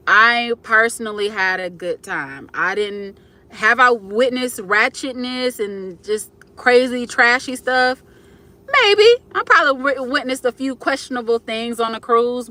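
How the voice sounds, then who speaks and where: Bright-voiced young woman chatting live. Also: on the high side. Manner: candid, emotional, chatty with viewers. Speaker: livestream host. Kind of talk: casual livestream chat.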